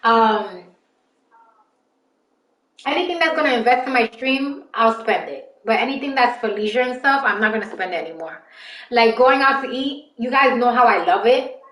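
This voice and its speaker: A woman's voice: fairly high pitch, animated, normal speed, fairly bright tone. A young woman from the Bronx with a heavy Bronx Puerto Rican accent, who grew up speaking Spanish, chatting casually with viewers on a live stream. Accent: Bronx Puerto Rican New York. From Bronx, New York. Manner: chatty, rambling, talks straight to viewers. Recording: echoey room with music behind.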